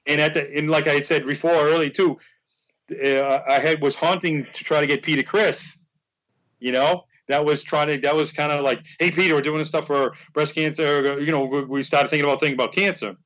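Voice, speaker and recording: A man with a fairly high voice tells a winding story as a podcast guest. He rambles and acts out the dialogue. The sound is dull and lo-fi. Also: fairly even intonation, brisk, a bit bright. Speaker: podcast guest, fan charity organizer. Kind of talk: casual storytelling.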